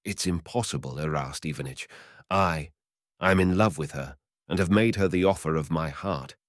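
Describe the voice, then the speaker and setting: Brief: male reader doing a timid young barber in a storybook, tearful and pleading, high cries over a low base voice. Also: moderate pace, no echo, clean studio sound.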